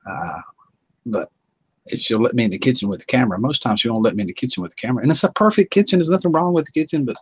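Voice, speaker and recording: A man from North Carolina with a Southern accent and a husky mid-range voice hosts a casual live-stream chat, drawling in a folksy way and reading viewers' comments aloud. The recording is rough.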